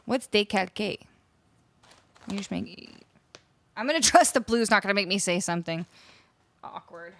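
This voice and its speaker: A woman's voice: mid-range voice, moderate pace, pauses often, fairly bright tone. A woman from Canada, streaming and chatting casually with her live viewers, laughing often as she muses over how words are said. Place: home streaming room. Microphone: studio microphone up close.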